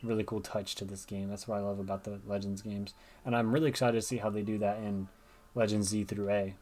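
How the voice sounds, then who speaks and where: A man's voice: fairly low pitch, level tone, brisk, warm tone. A man giving chatty gameplay commentary, thinking aloud as he plays. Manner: chatty, thinks aloud, reads game dialogue. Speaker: gamer.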